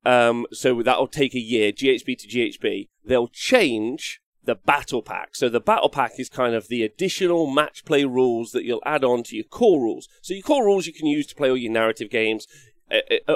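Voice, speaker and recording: A man's voice: medium pitch, no echo. Rambling, jokey English man. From England. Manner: rambling, jokey, swears, reads chat comments aloud. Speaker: wargaming show host. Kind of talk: casual live-stream chat.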